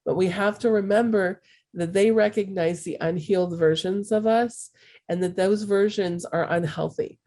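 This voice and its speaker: Mellow low-voiced woman teaching a live call. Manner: chatty, frequent fillers and restarts, acts out others' voices in quotes. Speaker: spiritual healing teacher. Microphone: call recording.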